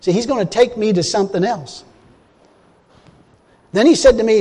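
A man with a high voice tells a personal faith story as a sermon. He talks in a plain, folksy way, jumping from loud, emphatic lines to low, groaning asides. The sound carries a long reverb, as in a large hall. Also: lively intonation, fairly quick, pauses often, breathy edge. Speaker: preacher. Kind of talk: sermon testimony.

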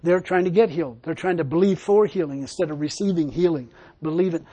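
A man's voice: a little high, fast, warm tone, dull audio. A man preaching a sermon to a church congregation, folksy and emphatic, with casual grammar. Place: church service.

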